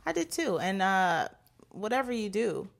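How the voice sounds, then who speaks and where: A woman's voice: medium pitch, big pitch swings, unhurried, vocal fry. A woman co-hosting a podcast, chatting casually and affirming her friend. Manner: supportive listener, frequent affirmations. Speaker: podcast co-host. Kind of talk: casual chat.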